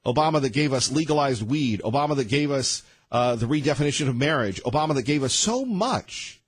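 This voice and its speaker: A man hosting a morning talk radio show, delivering rapid-fire sarcastic opinions. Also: mid-range voice, lively intonation, slightly rough. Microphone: studio microphone.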